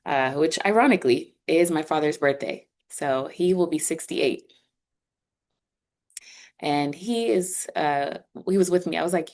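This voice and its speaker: A woman with a low, slightly mellow voice speaks unhurriedly, voicing for a sign language instructor. She walks students through an online course step by step, upbeat and conversational.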